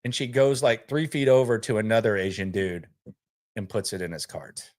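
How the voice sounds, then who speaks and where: A man's voice: fairly low pitch, fairly even intonation, normal speed, a little mellow. A man hosting a casual sports stream, laid-back and rambling, often repeating words as he restarts. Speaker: podcast host. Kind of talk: casual live-stream talk.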